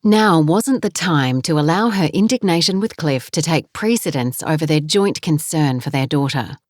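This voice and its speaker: A woman reading a novel aloud in a measured, steady way. Her voice sits slightly low. The recording is close and dry, with no room sound. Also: dry recording. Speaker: audiobook narrator. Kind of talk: scripted narration.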